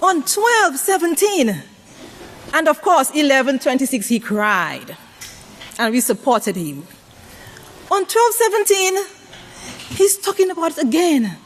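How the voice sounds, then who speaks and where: Woman preacher with a high voice, questions the congregation, varied delivery. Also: very animated, a little slow, long pauses, slight background noise. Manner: call-and-response questions to the congregation; varies pitch widely for emphasis. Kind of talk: sermon to a congregation.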